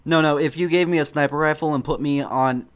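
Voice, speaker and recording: A young man co-hosting a podcast in casual chat, chuckling often and pausing on ums and restarts as he gathers his thoughts. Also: fairly high pitch, steady tone, smooth. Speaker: podcast co-host.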